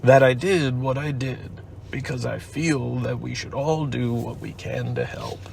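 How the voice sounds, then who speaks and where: A man voicing a gloomy, self-pitying old male donkey in a storybook reading, speaking slowly and dolefully. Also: mid-range voice, expressive, gravelly, a little mellow, a little hiss or hum. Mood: pompous. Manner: slow, doleful, pompous speechmaking.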